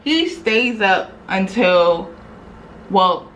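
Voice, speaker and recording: Brief: young woman vlogger, lively slangy storytelling, mid-pitched, slight background hiss. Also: drawn-out words, rough recording. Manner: animated, slangy retelling with lots of quoted dialogue. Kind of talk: casual storytime.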